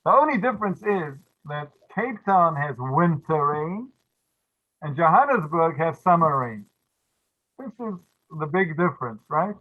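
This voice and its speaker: A man's voice: on the high side, very animated, measured pace. A man from Africa, telling stories as a religious teacher in a chatty way with frequent restarts and asides. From South Africa. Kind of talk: storytelling lesson. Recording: tinny phone-like sound.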